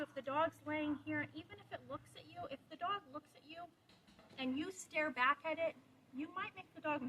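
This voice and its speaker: A woman dog trainer with a high voice explains her methods in a direct, practical way. She acts out small quoted examples as she teaches. A faint hum of background noise sits under the recording. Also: a bit bright, rough recording. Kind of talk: instructional talk to camera.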